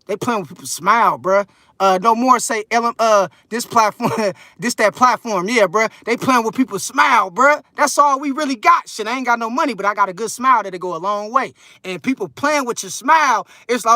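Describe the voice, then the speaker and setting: A man's voice: very high voice, a little fast, bright, forceful tone, dry recording, clean studio sound. A man in his thirties casually chatting on a livestream and reading viewer comments, rambling and slangy with lots of fillers. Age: 30s. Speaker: livestream host reading chat. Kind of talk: casual live chat.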